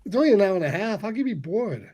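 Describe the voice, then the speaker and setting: A man with a higher but mellow, relaxed voice chats casually on a livestream. He speaks in halting bursts, stumbling and restarting as he jumps in. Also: dull audio. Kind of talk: casual chat.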